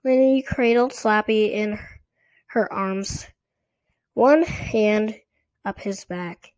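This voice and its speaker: Slow, deliberate woman narrating a story. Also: medium pitch, a little mellow.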